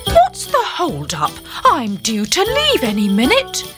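An impatient, bossy old Santa Claus scolds his helpers, as a woman puts him on for a storybook. The voice is slow and swoops up and down in pitch. Gentle children's music plays behind. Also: huge pitch swings, heavily acted. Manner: scolding, exasperated.

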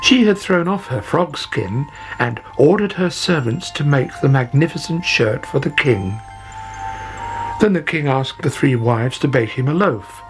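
A storyteller reading a fairytale in a gentle, measured way. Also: mid-range voice, lively intonation. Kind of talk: scripted fairytale narration. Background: music.

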